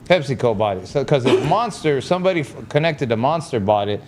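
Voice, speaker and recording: A man with a Californian accent co-hosting a casual church talk show, animated and slangy, often calling others bro. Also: medium pitch, fairly quick, a little hiss or hum. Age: adult with children. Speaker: podcast co-host. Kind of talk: casual chat.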